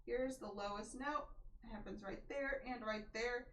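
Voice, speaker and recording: A woman's voice: a little high, moderate pace, a bit bright. A woman casually working through a music theory workbook, chatty and talking to herself as she goes through the answers. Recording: echoey room with faint noise.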